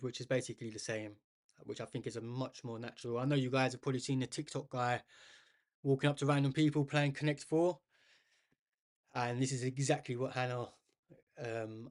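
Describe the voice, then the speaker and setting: Chatty man commentating live chess. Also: mid-range voice. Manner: chatty, addresses viewers as guys, thinks aloud with restarts.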